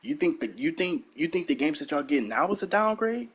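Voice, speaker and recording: Husky man in a profane gaming rant. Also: on the high side, sing-song, a little fast, a bit bright. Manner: ranting, profane, repeats lines for emphasis. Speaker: gaming channel host.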